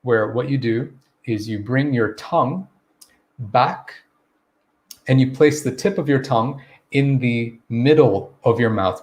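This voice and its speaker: Relaxed man teaching a live English lesson. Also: mid-range voice. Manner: relaxed, encouraging, checks in with "okay?"; greets viewers by name mid-lesson. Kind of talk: live online grammar lesson.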